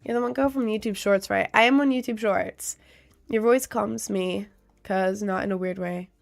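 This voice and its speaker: A woman livestreamer and musician chats casually while reading viewer comments aloud, her medium-pitched, creaky voice sounding nasal from cold congestion. She keeps a steady tone at normal speed, peppering her talk with "um" and "like," over soft background music.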